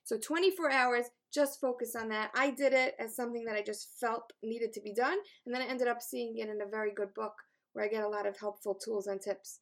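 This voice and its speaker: A woman's voice: fairly high pitch, fairly even intonation, fairly quick, hardly any pauses. Earnest, encouraging woman teacher. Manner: earnest, encouraging, self-deprecating humor. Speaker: class instructor. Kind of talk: teaching an online class.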